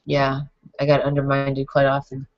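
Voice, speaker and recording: A woman in her forties, crying as she gives a halting, emotional confessional monologue to camera. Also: deep voice, steady tone, no echo. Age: 40s. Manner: halting, emotional, many restarts. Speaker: vlogger. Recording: dull lo-fi home recording.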